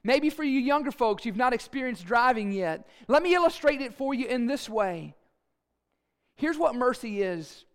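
Pastor guy, really high voice, lively playful sermon storytelling. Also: normal speed. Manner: animated, playful storytelling with asides.

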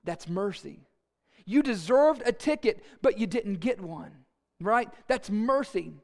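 A man preaching a sermon in an animated, playful storytelling way with asides. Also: high voice, slow pace, vocal fry. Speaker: pastor.

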